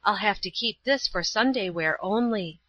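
A woman voicing a gentle, pious old woman who speaks calmly and tenderly in a storybook reading. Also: mid-range voice, normal speed, no echo, muffled recording, natural voice.

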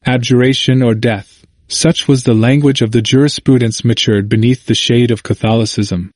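Man, audiobook narration, measured and formal, dry close recording. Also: medium pitch, fairly even intonation, darkish tone, no echo. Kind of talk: scripted audiobook narration of old history.

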